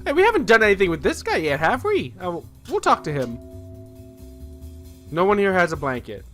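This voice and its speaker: A man's voice: high voice, very animated, normal speed, a bit bright, faint music behind. A man chatting playfully and thinking aloud while streaming a game. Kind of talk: casual let's-play commentary.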